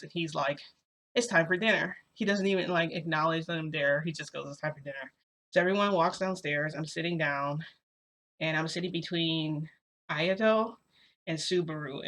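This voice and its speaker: Young woman, storytime vlogger: bright tone, chatty and loose, lots of "like," addresses viewers directly. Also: sits low. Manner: chatty, peppered with "like" and "you know"; talks straight to viewers. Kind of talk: casual first-person storytelling.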